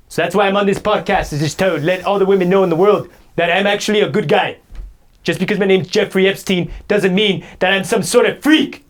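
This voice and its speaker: Guy doing a whiny bragging dude who won't stop complaining, kinda high voice, improv sketch. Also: lightly acted. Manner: rambling, indignant comic complaining. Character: boastful, self-pitying man cursed by his name.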